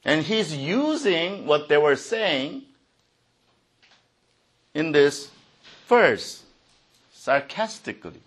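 A male pastor preaching at a slow, deliberate pace. His fairly high voice swings widely, climbing when he reads scripture and falling low for quiet asides. The manner is earnest and expressive. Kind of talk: sermon.

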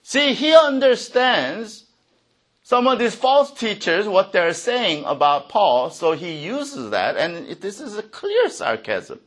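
A male pastor preaching at a slow, deliberate pace. His fairly high voice swings widely, climbing when he reads scripture and falling low for quiet asides. The manner is earnest and expressive. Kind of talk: sermon.

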